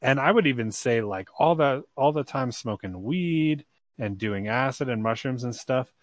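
A man's voice: mid-range voice, animated, moderate pace, dry recording. A man co-hosting a casual podcast chat, speaking in a wry, candid way and laughing along. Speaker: co-host.

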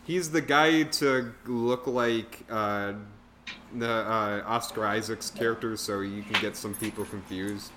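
A man's voice: on the low side, steady tone, takes it slowly, a bit bright. Man, casual podcast chat, rambling, filler-heavy, faint noise. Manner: rambling, filler-heavy, laughs at own jokes. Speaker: podcast host reviewing a film.

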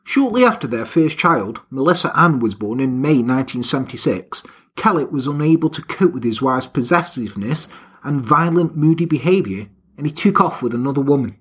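A man's voice: mid-range voice, lively intonation, fairly quick, slightly rough. A man hosting a podcast, telling a crime story from a script in a wry, jokey way. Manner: wry, jokey, slips into silly put-on voices. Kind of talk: half-scripted storytelling with banter.

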